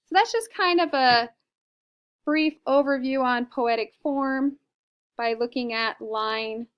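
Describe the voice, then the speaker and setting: A woman's voice: sits high, slow pace, smooth. A woman teacher giving a patient, explanatory recorded lesson and often checking in with her listeners.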